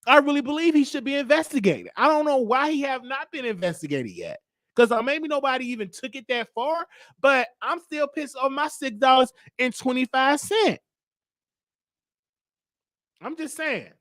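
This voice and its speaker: A man hosting a show, telling a comic story in a lively, joking monologue. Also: a little slow, no echo, studio quality. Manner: animated storytelling, jumping into high voices for others. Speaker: host. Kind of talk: comedic monologue.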